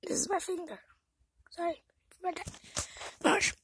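A woman's voice: extremely high pitch, steady tone, unhurried, fairly bright tone, dry recording, low-quality recording. A female vlogger chatting casually to camera, rambling and often dropping to a whisper.

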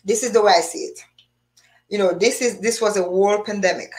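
Woman, show host, casual live chat, animated, frequent restarts. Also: medium pitch, a little fast. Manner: animated, laughing, many restarts.

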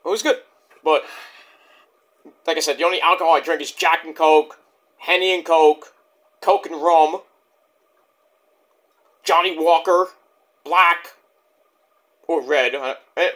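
A man rambling excitably through a casual wrestling review, swearing often. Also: on the high side, unhurried, long pauses.

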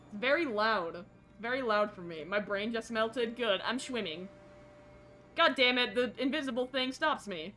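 A young woman livestreams a horror game, chatting with viewers in a jittery, self-deprecating way. Her fairly high voice is animated, pushed and bright, moving at a normal speed through casual gameplay commentary.

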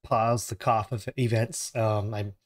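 A man hosting a reaction channel in a casual chat, hoarse as he recovers from an illness, talking at home while the household sleeps, rambling and correcting himself as he goes. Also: lowish voice, little pitch movement, unhurried. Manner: rambling and self-correcting, apologetic.

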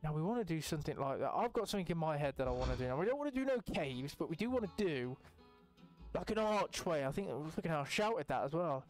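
A young man giving casual, rambling let's-play commentary as a gaming channel host, excitable and swearing freely. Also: fairly high pitch, fast, soft background music. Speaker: gaming YouTuber.

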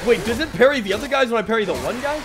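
Excitable, jokey young gaming commentator. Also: male voice, very high-pitched, rapid-fire. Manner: jokey, excitable, talks to the game. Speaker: gaming YouTuber. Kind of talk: playthrough commentary. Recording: game music behind voice.

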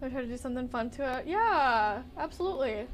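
A young woman streaming a game, chatting casually and softly with her viewers in a gushing, sing-song way. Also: high voice, lively intonation, brisk, slight background noise. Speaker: livestreamer. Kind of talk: casual chat with viewers while gaming.

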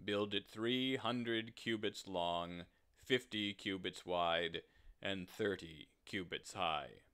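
A man voicing God as a grave, commanding presence, speaking low and measured. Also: sharp tone, smooth, full character voice. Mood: solemn. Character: solemn, commanding male voice of God.

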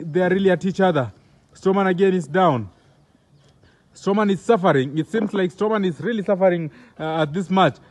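A young man with a Kenyan accent giving excited, comedic play-by-play commentary on wrestling, exclaiming and repeating himself. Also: sits high.

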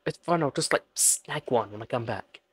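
A man's voice: medium pitch, animated, normal speed, slightly rough, no room sound. Man pleading in game commentary. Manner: pleading, jokey, talks to game characters. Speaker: gaming channel host. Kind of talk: let's play commentary.

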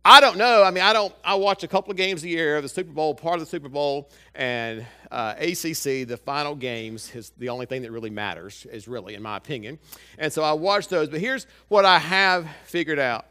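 High, bright-voiced pastor preaching. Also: male voice, brisk, clean tone. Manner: lively, talks straight to the congregation with many rhetorical questions. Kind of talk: sermon. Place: church sanctuary.

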